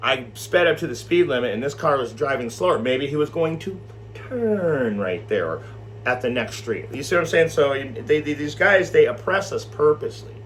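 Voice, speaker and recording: A man teaching scripture in a loose, animated way, rambling and swearing as he tells a story. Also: medium pitch, normal speed, a little hiss or hum. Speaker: Bible study teacher.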